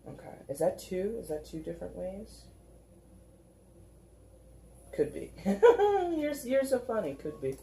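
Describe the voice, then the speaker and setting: A tarot reader talks through a card spread in a loose, conversational ramble. The voice is mellow and warm, with plenty of filler words. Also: medium pitch, wildly swooping pitch, normal speed, vocal fry, slight background noise. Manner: chatty, rambling, heavy use of filler 'like'. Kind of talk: casual tarot reading monologue.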